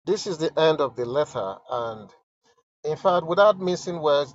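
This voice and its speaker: A Nigerian man giving emotional, halting commentary while reading a letter aloud, stammering and sighing as he repeats himself. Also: a little high, lively intonation, dull audio, a little hiss or hum. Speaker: online commentator.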